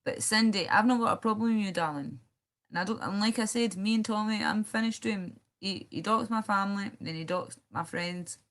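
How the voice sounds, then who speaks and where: A woman's voice: mid-range voice, brisk, fairly bright tone. A young woman hosting a casual livestream, rambling as she reads viewer comments aloud and answers them. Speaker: livestream host.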